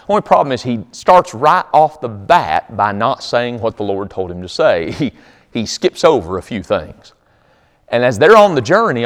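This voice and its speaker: A man preaching a storytelling sermon in a folksy, animated manner, with chuckles. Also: medium pitch. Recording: long hall reverb.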